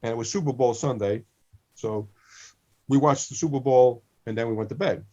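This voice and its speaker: A man's voice: mid-range voice, normal speed, dark tone. A man in his sixties, a comedy podcast co-host, telling meandering funny stories and repeating himself. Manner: meandering, repeats "listen" often. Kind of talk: rambling comic storytelling. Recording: muffled lo-fi sound.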